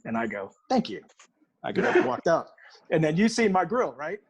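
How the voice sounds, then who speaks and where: A man's voice: fairly high pitch, very animated, brisk, husky, muffled recording. A middle-aged man, a guest barbecue cook, telling a story in casual chat and acting out both sides of it.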